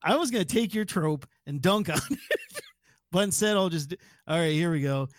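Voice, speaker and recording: A man's voice: a little high, expressive, moderate pace, no room sound, clean studio sound. A man playing a tabletop game, sighing often and mock-indignant. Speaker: player. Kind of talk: casual tabletop play.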